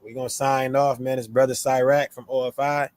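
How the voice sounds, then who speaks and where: A man co-hosting a scripture talk in a relaxed, slangy way, switching into playful tones when he quotes. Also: mid-range voice, brisk, no echo. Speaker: co-host of a scripture show. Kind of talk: casual religious discussion.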